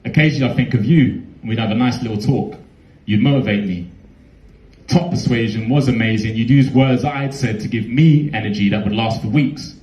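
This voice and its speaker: A man's voice: medium pitch, brisk, a little mellow, roomy sound, rough recording. A young man with a London accent performing a heartfelt spoken word poem in a rhythmic, rhyming delivery.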